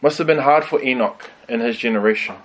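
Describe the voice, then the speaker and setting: A man teaching a conversational Bible study, thoughtful and pausing with frequent ums. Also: mid-range voice, a little hiss or hum, poor audio.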